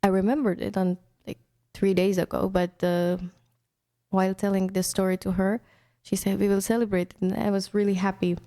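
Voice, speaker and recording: A woman's voice: medium pitch, level tone, normal speed, mellow. A young woman from India, hosting an internet radio show in casual, chatty storytelling talk with many restarts.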